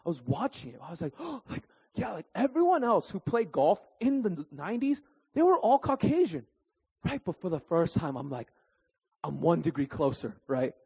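A man in his thirties preaching through personal stories, animated and self-deprecating, tagging his sentences with "right?" and "okay?". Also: high-pitched, normal speed, vocal fry, breathy edge. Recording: dull recording with long hall reverb.

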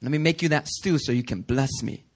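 A man's voice: mid-range voice, brisk, pitched below the performer's own voice, close to an everyday voice. A man voicing a young male hunter, a wronged son speaking earnestly to his father. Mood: eager.

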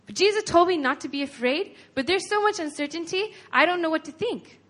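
A woman's voice: extremely high pitch, fairly quick, fairly bright tone. A woman preaching a sermon in an earnest, conversational way, retelling a scripture story with lots of casual "like"s.

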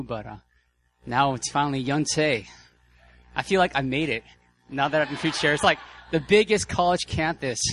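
Excitable, casual young-sounding preacher man. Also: mid-range voice, low-quality recording. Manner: casual, excitable, lots of fillers and restarts. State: out of breath. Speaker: guest preacher. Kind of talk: sermon.

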